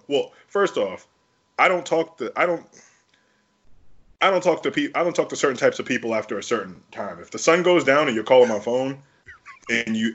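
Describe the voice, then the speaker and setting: A man from New York co-hosting a casual podcast, speaking carefully and telling animated stories. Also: medium pitch, lo-fi sound. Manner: animated storyteller, enunciates carefully. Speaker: podcast co-host.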